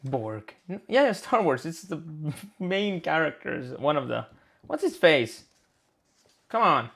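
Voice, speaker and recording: A man's voice: on the high side, very animated, slow, creaky, a bit bright. A man co-hosting a live game design stream, chatting in a rambling, playful way and searching for words aloud. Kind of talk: casual chat.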